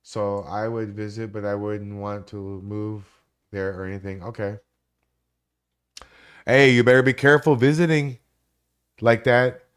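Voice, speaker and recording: Forties guy on a live stream, kinda low voice, rambly and cussing a lot. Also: a little slow, long pauses, clean tone. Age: 40s. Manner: rambling, profane, animated storytelling. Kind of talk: casual live-stream chat.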